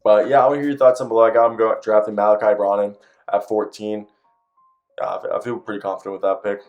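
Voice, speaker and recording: A man hosts his own sports show in a relaxed, conversational way. He stays low and steady, with little rise and fall. Now and then he slips into reading prepared notes, while soft music plays faintly underneath. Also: quick pace, dull audio. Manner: conversational, reads draft notes in stretches, asks viewers for comments. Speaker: basketball show host. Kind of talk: casual solo commentary.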